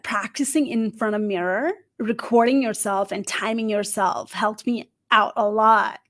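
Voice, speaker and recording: A middle-aged woman who is not a native English speaker gives job interview advice on a live stream, lively, asking the audience questions and often adding "right?". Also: mid-range voice, unhurried. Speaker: career coach.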